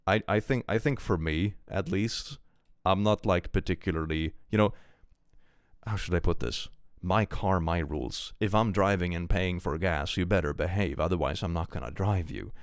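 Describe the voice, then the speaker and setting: A man's voice: low-pitched, smooth, dry recording, studio quality. A man casually commenting on a live stream, reading posts aloud and reacting with a chatty, rambling manner and frequent laughs.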